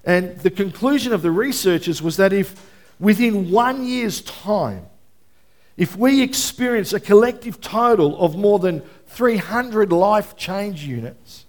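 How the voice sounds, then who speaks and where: A man with a noticeably high-pitched voice delivers a sermon from the pulpit. He talks conversationally rather than formally. He keeps turning to his listeners to check they are following. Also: unhurried. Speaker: pastor.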